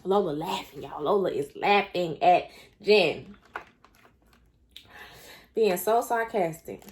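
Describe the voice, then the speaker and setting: A woman casually telling a story while eating on camera, chatty and animated, calling the listener honey. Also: lowish voice, slow. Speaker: mukbang storyteller.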